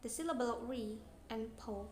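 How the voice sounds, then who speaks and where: Young Indonesian woman, student presenter, high voice, reads a lesson in a roomy space with faint hiss. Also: moderate pace, warm tone. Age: young adult. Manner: plain, read-aloud explaining. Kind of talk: reading an English pronunciation lesson. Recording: echoey room, faint noise.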